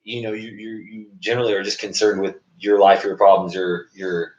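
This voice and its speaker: Male co-host, low voice, rapid and blunt, swears casually; echoey, lo-fi room. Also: steady tone, darkish tone. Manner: fast, blunt, swears freely. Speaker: podcast co-host. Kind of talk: casual chat. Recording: roomy, dull low-fi sound.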